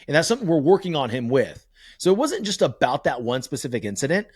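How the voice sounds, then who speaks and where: Animated, cussing male podcast host. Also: mid-range voice, quick pace, breathy edge, no room sound, studio quality. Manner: animated storyteller, swears freely. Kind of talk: casual conversational podcast.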